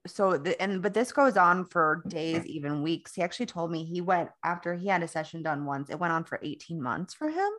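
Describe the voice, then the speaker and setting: Low-pitched young woman co-hosting a chatty podcast, rambles and restarts a lot. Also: animated, a little fast, hardly any pauses, fairly bright tone. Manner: rambling storyteller, many restarts and quoted dialogue. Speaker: podcast co-host. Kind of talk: casual chat.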